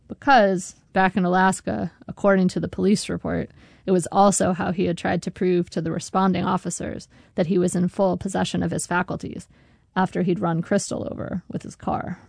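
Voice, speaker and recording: Gravelly woman narrating a memoir. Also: on the low side, fairly even intonation, brisk, a little mellow, dry recording, clean studio sound. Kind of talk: scripted audiobook narration. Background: faint guitar music.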